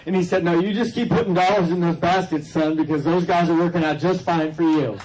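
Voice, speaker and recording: A man's voice: fairly high pitch, steady tone, fairly quick, a little mellow, low-quality recording. A man from California speaking at a recovery convention, telling his personal story in a loose, joking way with asides to the audience. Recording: crowd and noise behind. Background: audience laughter and room noise.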